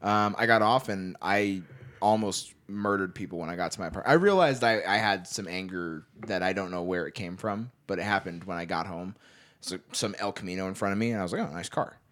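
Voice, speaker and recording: A man's voice: sits low, brisk, fairly bright tone. A young man co-hosting a podcast in casual chat, telling stories with lots of swearing and acting out his own angry outbursts. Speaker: podcast co-host.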